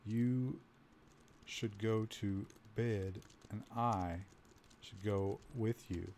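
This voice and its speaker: Flirty female elf, outcast, slow low purring delivery, man doing the voice. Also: steady tone, darkish tone, a little hiss or hum. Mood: sultry.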